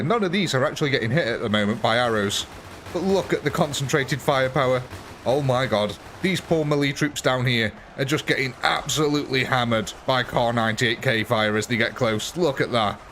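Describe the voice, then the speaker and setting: A man's voice: medium pitch, a bit bright, slight background noise. A man giving chatty, amused live commentary on a strategy game while thanking viewers and answering chat. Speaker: game streamer.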